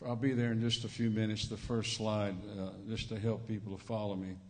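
A man's voice: lowish voice, flat delivery, a little fast. A man with a Cajun accent from Louisiana preaching a sermon as a visiting preacher, folksy and joking, repeating his phrases, on a church microphone. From Louisiana Cajun country. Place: church sanctuary. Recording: reverberant church hall.

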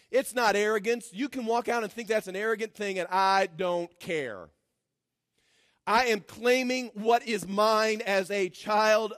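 High-voiced preaching pastor, man. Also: no echo, studio quality. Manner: swings from shouting to low mocking asides. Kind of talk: sermon. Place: church.

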